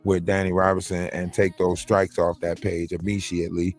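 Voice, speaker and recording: A man's voice: low voice, little pitch movement, moderate pace, darkish tone, faint music behind. A man hosting a livestream, talking casually and mockingly in slangy gossip commentary. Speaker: livestream host.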